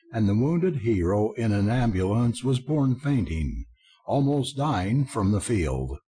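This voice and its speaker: A man's voice: mid-range voice, darkish tone, slightly rough. A man narrating an audiobook in a wry, theatrical storytelling manner. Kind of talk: scripted narration.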